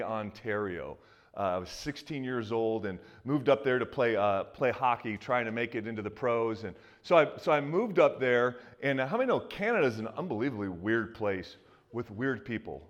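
A pastor in his fifties from the US Northeast preaches a sermon in a loose, joking, conversational way, full of restarts and asides. His voice is medium-pitched, and the sound is lo-fi.

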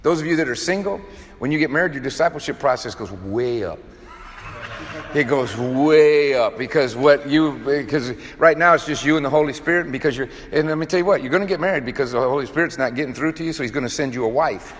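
A man's voice: mid-range voice, quick pace, slight background noise. A man preaching a sermon to a group of men, emphatic, with frequent restarts and acted-out quotes. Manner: emphatic, repetitive restarts, acts out quoted voices. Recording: long hall reverb.

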